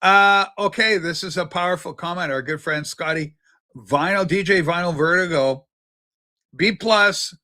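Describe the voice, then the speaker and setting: A woman's voice: fairly low pitch, a little slow, pushed and bright. An older transgender woman hosting a livestream show, rambling chattily with many fillers and restarts. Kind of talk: casual rambling livestream chat.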